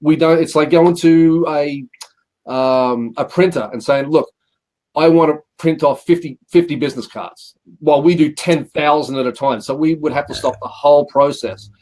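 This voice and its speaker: Australian man, middle-aged, lightly raised pitch, chatty interview guest with rambling stories. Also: moderate pace, darkish tone. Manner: rambling anecdotes with acted-out quotes and repeated "he says". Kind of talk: casual interview storytelling.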